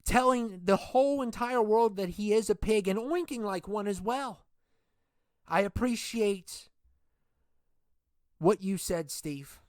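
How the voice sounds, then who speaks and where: A man's voice: high-pitched, no echo, studio quality, pitched above the performer's own voice. A man doing a taunting wrestling-group villain. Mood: gloating. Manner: taunting, drawn-out threats. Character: menacing male leader of a villainous wrestling group. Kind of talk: wrestling game role-play.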